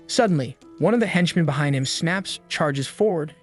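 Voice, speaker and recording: A man's voice: fairly high pitch, fairly quick, hardly any pauses, faint music behind. A man narrating a comic recap in a casual, wisecracking storytelling manner.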